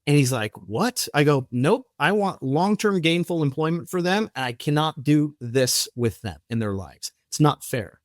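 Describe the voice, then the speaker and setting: A man's voice: fairly high pitch, moderate pace, few pauses, no echo, clean studio sound. A man as a podcast guest, telling stories and acting out the dialogue, with frequent restarts. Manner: animated storyteller, acts out quoted dialogue, frequent restarts. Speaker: podcast guest, company founder. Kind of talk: storytelling in casual interview.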